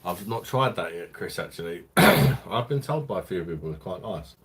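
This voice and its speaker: A man's voice: low-pitched, lively intonation, normal speed, vocal fry, fairly bright tone, husky. A man hosting a beer review live stream, chatting casually in a crude, rambling way and laughing often.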